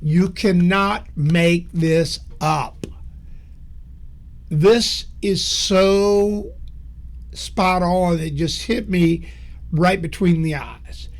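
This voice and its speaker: Middle-aged man, fairly high voice, emphatic motivational speaker, blunt storytelling. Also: very slow. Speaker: business speaker. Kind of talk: motivational business talk.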